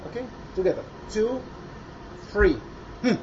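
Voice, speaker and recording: A choir conductor leads a rehearsal, coaching singers in a mix of English and Arabic and singing passages to demonstrate. His voice is high-pitched, expressive and fairly quick. The lo-fi recording carries noise in the background.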